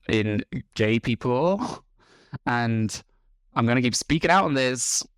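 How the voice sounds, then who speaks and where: A man's voice: medium pitch, fairly bright tone, no echo. A man, giving sardonic, defensive reaction-video commentary. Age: 30s. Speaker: YouTube commentator.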